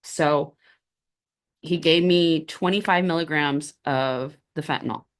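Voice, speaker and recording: A woman with a low-pitched voice tells her own story in an unhurried, candid way. Her tone is conversational, with a wry humor underneath, like a host talking directly to her listeners. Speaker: spiritual podcast host. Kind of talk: personal storytelling.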